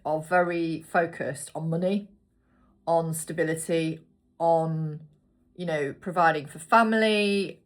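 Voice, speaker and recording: Woman, low voice, casual tarot reader, chatty and wandering. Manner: chatty, rambling asides, talks to herself while picking cards. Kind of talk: casual tarot reading to viewers.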